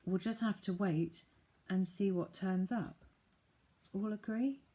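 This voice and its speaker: A woman reading the part of a quick-thinking young girl who speaks softly and urgently. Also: mid-range voice, natural voice. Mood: hushed urgent. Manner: soft, hushed and urgent.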